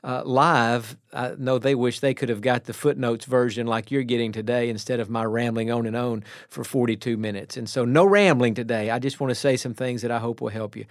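A man preaching a radio sermon in an earnest, plainspoken way, slowing down to stress key words. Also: mid-range voice, fairly even intonation, dry recording, studio quality.

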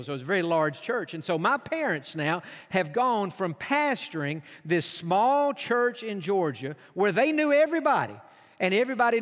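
A man with a notably high voice preaches a sermon from the pulpit of a large church. He tells stories in an earnest, heartfelt manner as a pastor. His words ring out with the long reverb of the big sanctuary.

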